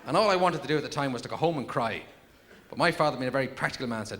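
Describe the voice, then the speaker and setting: Irish guy doing stand-up, rattles along fast, deadpan rambling bits, old vhs tape with hiss. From Ireland. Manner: deadpan, rambling storytelling with sudden high yelps. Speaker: stand-up comedian. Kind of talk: live stand-up comedy. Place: packed theatre with laughing audience. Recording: 1990s VHS tape with audible noise.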